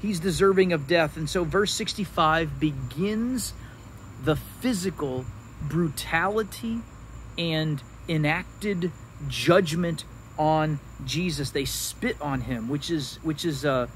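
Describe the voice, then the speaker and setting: A man giving a devotional Bible teaching in a fairly high voice. He talks very slowly and halts often, repeating words as he thinks it through. A faint background noise sits under the recording. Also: low-quality recording. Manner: slow, halting, many restarts and fillers. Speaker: pastor.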